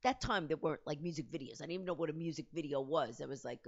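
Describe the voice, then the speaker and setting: A fast-talking woman in her fifties tells a story to her viewers in a low voice. Her pitch swings widely from line to line. The recording is slightly muffled and lo-fi. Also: expressive. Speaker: host. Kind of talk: storytelling vlog.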